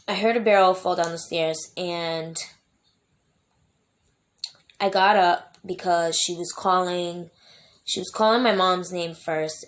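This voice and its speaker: A young adult woman telling her own life story in a vlog, emotional and rambling, with many fillers and restarts. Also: fairly low pitch. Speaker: vlogger.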